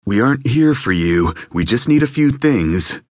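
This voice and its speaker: A man voicing a calm male survivor who tries to talk a gunman down in an audiobook. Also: mid-range voice, normal speed, no room sound, studio quality, pitched above the performer's own voice, close to an everyday voice. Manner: steady, placating. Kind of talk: audiobook character voice.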